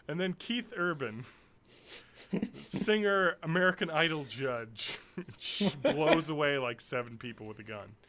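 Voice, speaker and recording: Another thirties-something co-host talks casually and energetically on a podcast, often swearing and breaking into laughter. His fairly high voice takes its time, and there's noise in the background.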